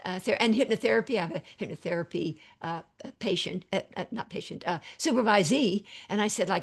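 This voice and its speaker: A woman's voice: mid-range voice, animated, fast talker, slightly rough. A middle-aged woman psychiatrist giving a lecture, earnest, reading example statements aloud and adding asides with fillers.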